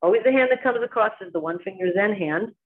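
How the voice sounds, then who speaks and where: A woman's voice: medium pitch, fast talker. A woman with a New Jersey accent leading a qigong class, giving short spoken cues timed to each movement. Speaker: qigong instructor. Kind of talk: guided exercise class instruction. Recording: tinny phone-like sound.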